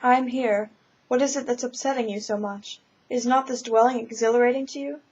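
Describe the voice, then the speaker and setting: A woman voicing an older, brisk, matter-of-fact spirit who guides a newcomer, read in a storybook manner, on a slightly dull lo-fi recording. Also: on the high side, fairly even intonation, a little mellow, slight background noise, natural voice.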